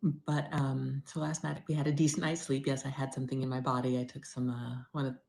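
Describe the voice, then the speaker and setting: Middle-aged woman, low voice, video diary, candid, rambling, loud to near-whispered. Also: flat delivery, fairly quick, creaky. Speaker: vlogger.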